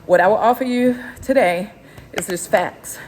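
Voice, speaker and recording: On a low-quality recording with slight background noise, a YouTube host in her fifties walks a gym treadmill and talks unscripted. Her medium-pitched voice is a bit mellow and moderately paced, slightly breathless, and she encourages viewers emphatically.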